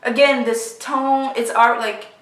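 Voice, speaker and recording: A woman of about twenty, telling a personal story in a halting, emotional way full of fillers, recorded in her apartment. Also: on the high side, fairly even intonation, a bit bright, distant mic. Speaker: vlogger. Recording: roomy sound, voice from off the mic.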